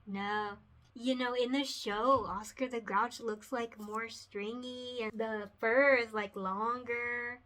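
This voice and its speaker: Bright, giggly woman vlogger. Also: fairly high pitch, fairly even intonation, slow pace. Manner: chatty, giggly and emotional. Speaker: picture book author. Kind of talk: casual vlog chat.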